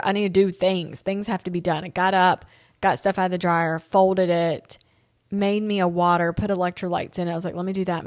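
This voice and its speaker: A woman's voice: fairly low pitch, no echo, studio quality. A middle-aged woman tells a long personal story on her solo podcast. She is tired and yawning, rambling and talking straight to her listeners. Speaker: podcast host.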